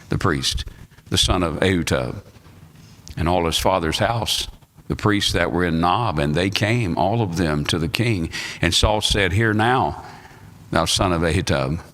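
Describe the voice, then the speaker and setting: An American pastor teaching Sunday school, reading old scripture and then pressing his points home. His pitch leaps and falls widely as he builds emphasis. The sound carries a long church reverb from a live recording. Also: expressive, a little slow, a bit bright. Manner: reads scripture aloud then preaches with rising emphasis. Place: church sanctuary.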